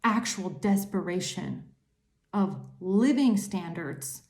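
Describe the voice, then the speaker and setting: A woman's voice: mid-range voice, slow pace, darkish tone, echoey room. A woman giving a tarot reading to her viewers, ranting angrily and swearing a lot. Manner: angry ranting, heavy swearing. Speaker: tarot reader.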